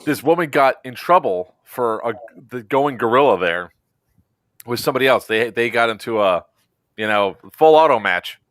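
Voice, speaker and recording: A man co-hosting a casual podcast, chatty and quick to laugh. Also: mid-range voice, animated, a bit bright, dry recording, clean studio sound. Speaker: podcast co-host.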